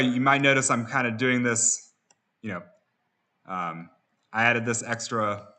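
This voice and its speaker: Bright-voiced male production instructor. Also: on the low side. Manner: relaxed, many fillers and restarts. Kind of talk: software tutorial.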